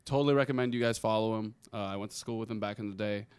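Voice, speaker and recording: A young man co-hosting a casual podcast, talking in a laid-back way with plenty of ums and quick reactions. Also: lowish voice, smooth, dry recording. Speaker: podcast co-host.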